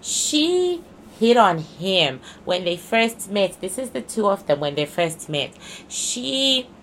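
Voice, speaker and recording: A woman's voice: mid-range voice, very animated, slow, a little hiss or hum. A woman giving a casual spoken card reading, speaking emphatically and often repeating and restating her points. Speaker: psychic reader.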